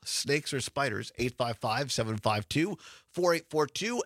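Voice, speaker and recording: Lively, chatty radio host man. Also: medium pitch, unhurried, no echo, studio quality. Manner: chatty, laughs often, jokey asides. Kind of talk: casual call-in radio chat. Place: radio studio. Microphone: studio microphone.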